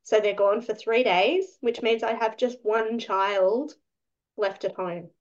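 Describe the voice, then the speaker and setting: A woman's voice: a little high, fairly even intonation, slow. Australian woman, podcast co-host, loose rambling delivery, slightly muffled recording. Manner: chatty, rambling, trails off. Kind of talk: casual podcast chat.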